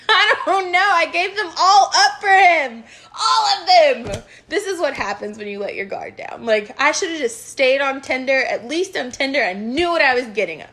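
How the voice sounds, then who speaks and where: High-voiced rambling woman vlogger. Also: a bit bright. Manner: rambling, frank and self-mocking, with sighs and laughs. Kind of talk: casual confessional rant to camera.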